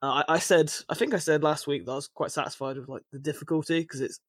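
A man talking casually on a podcast, his voice sitting a little high for a man. He rambles, restarting sentences and filling gaps with little fillers. The recording is close and dry. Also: fairly even intonation, quick pace, dry recording. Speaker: podcast co-host.

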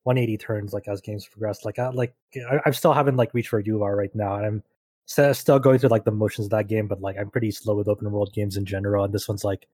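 A man with a low, mellow voice chatting on a podcast. He talks haltingly, repeating words and leaning on fillers as he thinks aloud. The sound is dry and close. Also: fairly even intonation, husky, no echo. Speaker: podcast co-host. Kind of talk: casual podcast chat.

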